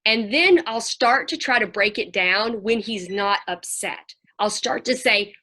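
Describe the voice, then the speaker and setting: A woman's voice: medium pitch, a little slow, few pauses. A middle-aged woman, speaking as a Christian counselor to a group of parents in an earnest, chatty way. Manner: earnest, chatty, animated when quoting children.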